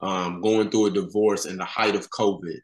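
Podcast guest, man in his thirties, laid-back slangy storyteller, low voice. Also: steady tone, moderate pace. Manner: casual slangy talk, many "you know" fillers. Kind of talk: candid conversational storytelling. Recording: roomy echo.

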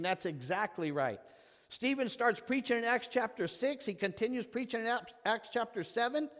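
A man's voice: extremely high pitch, expressive, normal speed, a bit bright, big-room sound. A man preaching a conversational sermon, asking questions and calling on listeners by name. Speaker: pastor. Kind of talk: interactive sermon.

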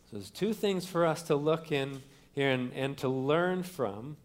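Male pastor, slightly high voice, casual sermon delivery with restarts. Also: animated, measured pace. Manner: conversational teaching with fillers and restarts; opens with a quiet prayer.

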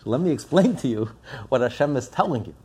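A man's voice: medium pitch, animated, a little fast, warm tone, slightly rough. A man preaching a sermon, impassioned and building up with rhetorical questions. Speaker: religious teacher.

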